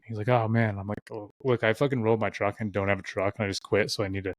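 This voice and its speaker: Low-voiced young man telling a rambling story. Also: flat delivery, fast talker, no echo. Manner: rambling, heavy swearing, acts out quoted voices. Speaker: podcast guest. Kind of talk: casual storytelling.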